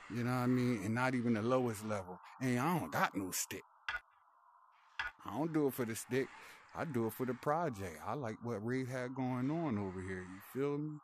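A man's voice: mid-range voice, slight background noise. A young man trash-talking casually while playing a VR hockey game, boastful and slangy, laughing often, on a headset mic. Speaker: VR hockey player.

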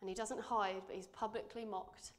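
A woman preaches in church, reading scripture in a measured, earnest manner and softening her voice for emphasis. Her pitch is medium and her intonation fairly even.

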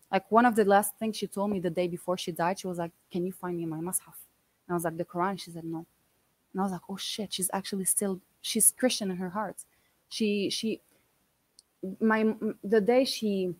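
A woman in her twenties telling a personal story in an interview, animated and blunt, often quoting what people said. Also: lowish voice, poor audio. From Canada. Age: 20s. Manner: animated, quotes others often, swears casually. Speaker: guest.

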